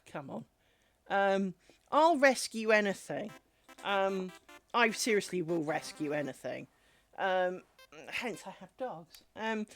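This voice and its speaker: A woman livestreaming her crafting, chatting and telling rambling anecdotes full of ums. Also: mid-range voice. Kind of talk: casual chat while crafting. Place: home craft stream setup.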